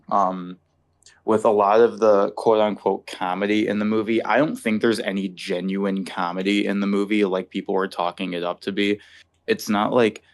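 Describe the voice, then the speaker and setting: Man, deep voice, flat delivery, matter-of-fact, casual film chat. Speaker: podcast co-host. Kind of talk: casual movie discussion.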